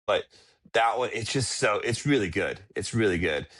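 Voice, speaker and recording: Man, thirties, lower voice, excited rambling podcast chat. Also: normal speed. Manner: enthusiastic, rambling. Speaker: podcast co-host. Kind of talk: casual chat.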